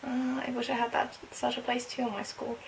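A woman who is not a native English speaker, hosting a casual reaction video and reading along with excited squeals, laughs and musing asides. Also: on the high side, a little fast, vocal fry, slight background noise, poor audio. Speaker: webtoon reaction host.

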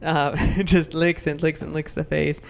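A young adult woman co-hosting a podcast, telling stories in animated, casual chat full of fillers. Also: low voice, a little slow, creaky. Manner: animated, chatty storyteller with many fillers. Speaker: podcast co-host.

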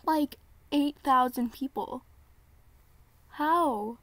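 A woman's voice: sits high, takes it slowly, pauses often, no room sound. A young woman, nervously gushing while waiting live for a show premiere. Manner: excited, gushing, repeating herself. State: nervous and jittery. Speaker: streamer reacting to a premiere. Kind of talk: live reaction vlog.

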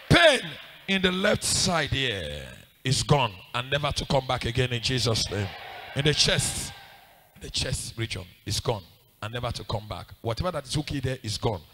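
A male pastor preaching in a church service, swinging between shouted commands and hushed pleading in a sing-song cadence. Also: medium pitch, slight background noise. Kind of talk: fiery prayer sermon.

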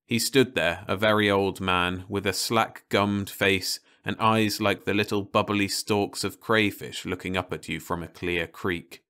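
A man narrates a science fiction story in a calm, even reading voice. His tone is low yet bright and forceful, with a smooth, resonant finish. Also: a little slow, few pauses. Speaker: audiobook narrator.

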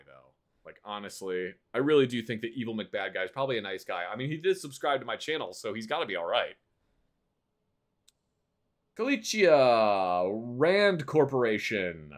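A man's voice: medium pitch, a bit bright. A man streaming a game live, chatting in a playful, teasing way and bantering like a stern border official.

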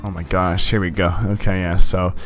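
Excitable young man, low voice, rambling. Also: normal speed. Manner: excitable, rambling, swears and laughs often. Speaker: gameplay commentator. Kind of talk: casual gameplay commentary.

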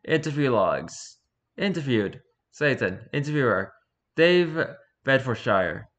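A man casually reading online horror fiction aloud, with an offhand, dry delivery. His voice is bright and forceful. He sits at an ordinary speaking pitch. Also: big pitch swings, slow pace. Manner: dry, offhand, joking asides.

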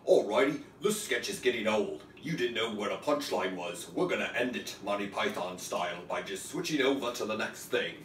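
A man's voice: on the low side, lively intonation, moderate pace, few pauses, fairly bright tone, a little hiss or hum. Brief: man in a comic audition, goofy and rambling, distant from the mic, roomy echo. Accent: put-on British. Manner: goofy, rambling, self-aware. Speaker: comedian auditioning. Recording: echoey room, distant mic.

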